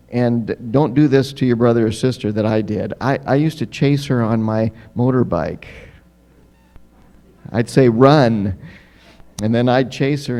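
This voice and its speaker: A pastor giving a children's story in a church. He is lively and keeps asking the children questions. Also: mid-range voice. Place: church sanctuary.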